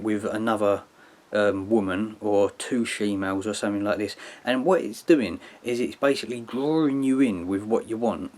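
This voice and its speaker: A man giving a casual, rambling explanatory monologue, tagging his sentences with "yeah" and "like" in an earnest, lecturing way. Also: lowish voice. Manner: rambling, with frequent "yeah" and "like" tags. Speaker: video commentator.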